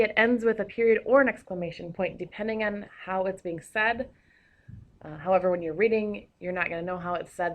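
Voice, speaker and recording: A woman teacher giving a recorded grammar lesson, explaining patiently with a few fillers. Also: medium pitch.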